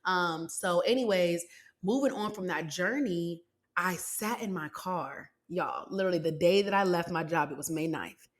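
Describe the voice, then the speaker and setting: A woman hosts her own podcast. Her voice sits a little low for a woman. She tells a personal story with emotion and animation, full of faith, and calls her listeners y'all and child. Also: normal speed. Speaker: podcast host.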